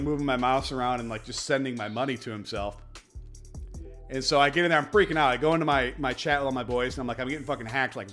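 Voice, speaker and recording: A man's voice: mid-range voice, fairly bright tone. Profane, emphatic man streaming. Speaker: crypto streamer. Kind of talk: casual livestream chat. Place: home office.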